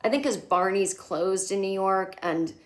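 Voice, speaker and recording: A woman's voice: mid-range voice, a little slow. A woman hosting a casual TV recap, candid and sarcastic, and swearing freely. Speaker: comedian host.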